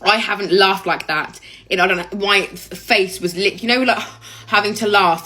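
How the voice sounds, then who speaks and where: A young woman telling a story to camera in casual, sweary talk, often breaking into loud laughter. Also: mid-range voice, normal speed, rough recording. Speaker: vlogger.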